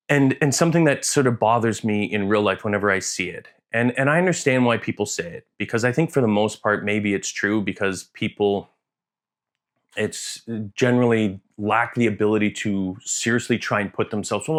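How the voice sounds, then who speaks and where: A man talking casually in a vlog, earnest and emotional, rambling with restarts and acting out quoted voices. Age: adult, served in the military. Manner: acts out quoted voices with big pitch jumps. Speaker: vlogger.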